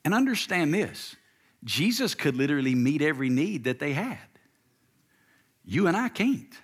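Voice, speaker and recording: A man's voice: on the high side, sing-song, moderate pace, slightly rough. A man in his fifties, a pastor preaching a sermon with emphasis and having the audience repeat lines after him.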